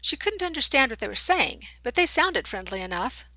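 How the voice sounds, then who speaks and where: A woman narrating a young adult novel as an audiobook, reading in an expressive storytelling manner. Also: fairly high pitch, brisk, dry recording, low-quality recording.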